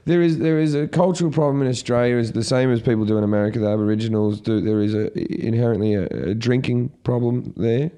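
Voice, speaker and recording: A man, a comedian and podcast host, telling a story in casual chat, growing loud and animated as the tension builds. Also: mid-range voice, quick pace, few pauses, clear, resonant tone. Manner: animated, grows loud and excited at the story's peak.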